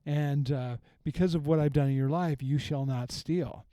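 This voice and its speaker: Middle-aged pastor guy talking faith on a podcast, warm mellow voice, dry close sound. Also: fairly high pitch, normal speed, no room sound. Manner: earnest, reflective, with frequent restarts and retold quotes. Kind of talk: conversational teaching on faith.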